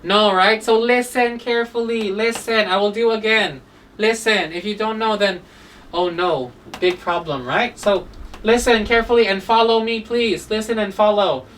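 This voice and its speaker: A woman teaching a phonics lesson to children, sounding out words slowly and asking "okay?" after nearly every line, coaxing and gently scolding. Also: mid-range voice, distant mic, slight background noise, poor audio. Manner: slow, drawn-out sounds, repeats "okay?" often; coaxing, mildly scolding when children drift.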